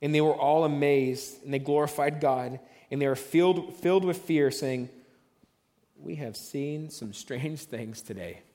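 A man's voice: a little high, a little slow, dark tone, big-room sound. A man preaching a sermon as pastor, telling the story conversationally and acting out the voices of the onlookers.

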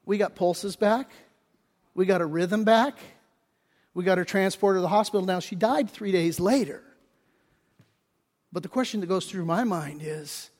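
A man's voice: high-pitched, long reverb tail. A male pastor preaching a sermon in an emphatic, folksy way, his voice swelling into bursts of intensity.

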